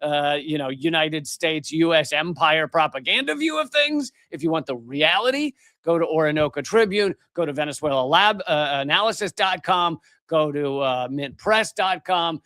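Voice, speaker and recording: Middle-aged male livestream host, furious profane rant, fairly high voice, dry close sound. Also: pushed and bright, clear, resonant tone, dry recording. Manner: angry, profane, emphatic with many restarts. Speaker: political commentary show host. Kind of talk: live-streamed ranting commentary.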